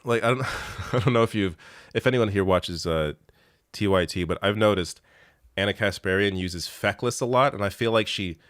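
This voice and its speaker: A man's voice: on the low side, moderate pace, a bit bright, no room sound, studio quality. A man hosting a live show, chatting casually and reading viewer comments in a rambling way, laughing often and swearing freely.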